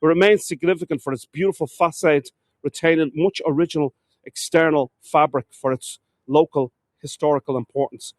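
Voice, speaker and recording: Walking outdoors along city streets, this man from Ireland guides a live tour, addressing viewers as "folks" while often stumbling and fixing his words. He speaks briskly at a fairly high pitch, his tone steady, with no echo.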